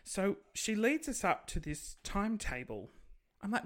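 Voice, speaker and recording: A woman telling a travel story in a relaxed podcast chat. Her pitch swings widely as she acts out the voices of the people in it, lively and expressive throughout. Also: normal speed. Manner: animated, acts out quoted voices.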